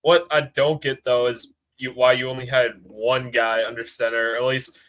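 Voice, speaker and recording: A man co-hosts a football podcast in relaxed, casual chat. He speaks at a middle pitch and often hesitates and trails off mid-thought. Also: normal speed, poor audio. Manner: laid-back, hesitant, trails off with filler. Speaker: podcast co-host.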